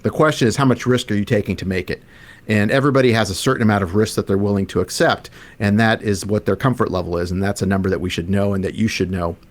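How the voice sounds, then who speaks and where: A man's voice: lowish voice, fairly even intonation, quick pace. A man from Arizona, a financial planner, talking loosely on a radio show with many "you know" fillers. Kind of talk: radio talk show chat.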